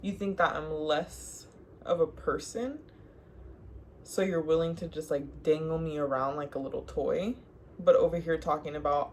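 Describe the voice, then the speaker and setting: A woman's voice: low voice, moderate pace, slight background noise. Sassy young woman giving advice. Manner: sassy, animated, laughs often, talks to viewer as girl. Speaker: advice vlogger. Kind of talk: casual advice monologue.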